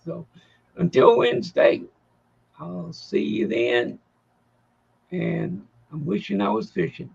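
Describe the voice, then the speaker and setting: Gravelly, husky slow-talking man. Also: high-pitched, muffled recording. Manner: rambling, halting, folksy. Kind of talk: casual livestream chat.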